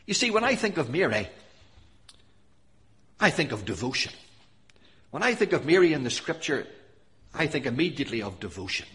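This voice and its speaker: A man preaching a sermon with earnest emphasis, reading scripture aloud and swinging between loud stressed phrases and soft quiet ones. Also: medium pitch. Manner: reads scripture in King James wording.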